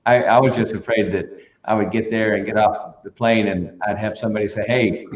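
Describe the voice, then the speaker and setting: A man's voice: lowish voice, steady tone, brisk, echoey room, highs cut off. A man, a sales coach, talking as a guest in a punchy, preachy motivational way, with lots of "come on" asides. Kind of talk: energetic motivational talk.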